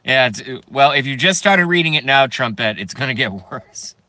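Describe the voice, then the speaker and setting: Male streamer, rambling profane rant to chat, nervous giggler, forceful bright voice, dry close sound. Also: medium pitch, expressive, normal speed, dry recording. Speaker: YouTube streamer.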